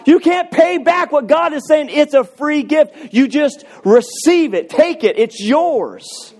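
A man preaching a sermon, animated and telling stories, acting out the voices of people in them. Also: extremely high pitch, takes it slowly. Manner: animated, acts out voices in anecdotes. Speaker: pastor. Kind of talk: sermon with storytelling.

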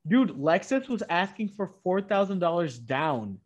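A man chatting casually, telling a long story with many restarts and quoting salespeople in a flat voice. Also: high-pitched, a little slow, lo-fi sound. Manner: rambling, many restarts, quotes dealers in a flat voice. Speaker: guest telling a car story. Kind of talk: casual chat.

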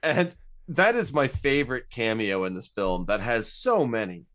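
A man's voice: mid-range voice, very animated, moderate pace, a bit bright. A man co-hosting a casual podcast, easygoing, laughing along and steering the talk. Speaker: podcast co-host.

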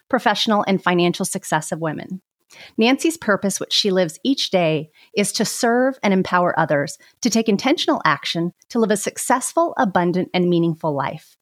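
A woman's voice: medium pitch, no room sound, studio quality. A woman hosting an interview show, giving a polished, emphatic introduction and asking questions. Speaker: podcast host.

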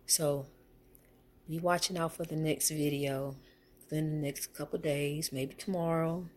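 A woman's voice: deep voice, steady tone, measured pace, a little mellow. Emotional middle-aged woman telling a faith story. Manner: emotional, repetitive, preachy. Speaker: faith vlogger. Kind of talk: heartfelt personal storytelling.

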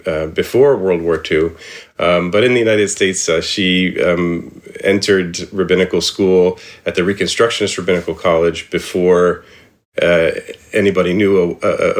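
A middle-aged man from Indianapolis answering interview questions from his home office, hesitant with many ums and restarts. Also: sits low. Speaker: psychiatrist and composer guest.

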